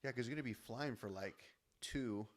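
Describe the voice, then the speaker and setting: A man's voice: medium pitch, normal speed. A man guesting on a podcast, a fitness coach who chats in an easygoing, agreeable way. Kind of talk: casual chat.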